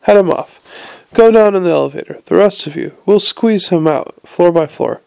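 Male narrator as a blunt, mock-polite coachman, gravelly and higher than his own voice. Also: normal speed, dark tone, low-quality recording. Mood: commanding. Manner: bossy, coarse, mock-polite. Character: gruff blunt coachman, quick-witted man.

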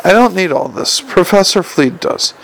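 A man voicing a fussy, nervous middle-aged male wizard who chatters and flusters, with a gravelly edge. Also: sits high, animated, normal speed, a bit bright, pitched above the performer's own voice, full character voice, poor audio. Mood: earnest. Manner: flustered, chatty, eager to please.

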